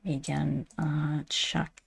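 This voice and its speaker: A woman's voice: low-pitched, level tone, extremely slow, creaky, slightly rough. A woman streamer giving playful announcer-style live commentary, repeating her phrases as she goes.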